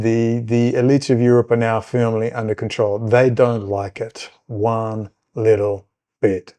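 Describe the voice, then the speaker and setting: Rambling man with a mellow voice. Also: medium pitch. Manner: rambling, conversational, many fillers and asides. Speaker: podcast host. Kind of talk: casual political monologue.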